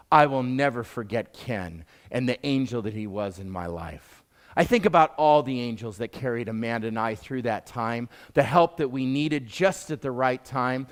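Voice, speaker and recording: A man's voice: a little high, smooth. A middle-aged man telling a personal story in an earnest, heartfelt way. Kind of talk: live storytelling.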